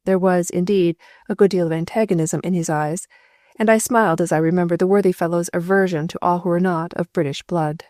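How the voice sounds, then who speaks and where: A woman narrating a first-person novel as an audiobook, in a steady, measured read on a close microphone. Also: fairly low pitch, dry recording.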